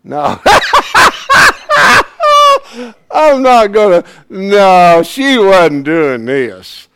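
A man teaching a Bible class in a folksy, plain-spoken way, swinging from hushed asides to loud emphasis. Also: high-pitched, very animated, extremely slow, background noise.

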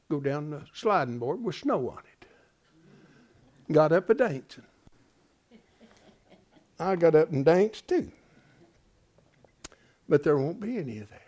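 A high-pitched, middle-aged man preaches a sermon in a folksy, emphatic style, shifting from loud declarations down to hushed asides.

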